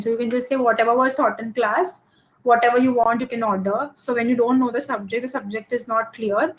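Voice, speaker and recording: A woman's voice: fairly high pitch, a little hiss or hum, low-quality recording. A woman teaching a grammar lesson, explaining patiently with examples and checking in with "okay?". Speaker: English teacher.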